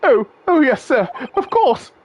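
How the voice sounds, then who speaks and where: A woman voicing an excitable, anxious young male student, reading game dialogue aloud in a gushing, theatrical way. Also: high-pitched, measured pace, muffled recording, slight background noise. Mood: overjoyed, gushing.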